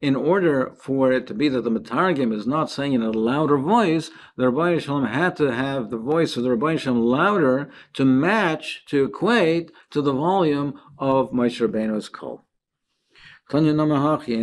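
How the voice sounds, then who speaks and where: A man's voice: mid-range voice, darkish tone, a little hiss or hum. A man, a rabbi, giving a daily Talmud lesson. He reads each phrase of the text, then explains it in plain words, and his voice rises and falls sharply for emphasis.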